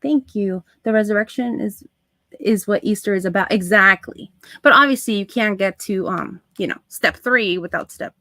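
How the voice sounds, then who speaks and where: A woman hosting a live crafting stream, chatting to her viewers as she works, with soft asides under her breath. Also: mid-range voice, moderate pace, no room sound. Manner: talks to chat viewers while working, soft asides. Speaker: craft livestream host.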